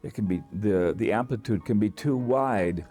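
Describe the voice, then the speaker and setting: A man teaching singing, explaining calmly to camera with many restarts and short sung demonstrations. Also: on the low side, moderate pace, faint music behind. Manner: relaxed, thinking aloud with restarts and sung demonstrations.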